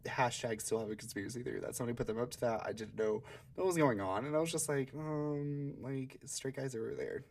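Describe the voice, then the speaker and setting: A man's voice: medium pitch, racing, vocal fry. A young man from Georgia hosting a podcast, telling stories in a chatty, sassy way and laughing often. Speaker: podcast host. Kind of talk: casual solo storytelling.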